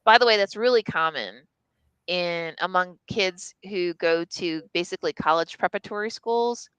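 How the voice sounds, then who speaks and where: A woman's voice: on the low side, normal speed, a bit bright, smooth, no room sound, dull audio. A woman telling a candid personal story on a live stream, casual and profane, full of "like" and restarts. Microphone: live stream mic.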